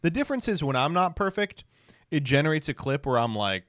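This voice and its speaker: A man's voice: a little high, brisk, no echo. Sarcastic streamer man, dry sound. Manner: sarcastic, deadpan mock praise. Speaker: streamer reacting to clips. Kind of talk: casual commentary stream.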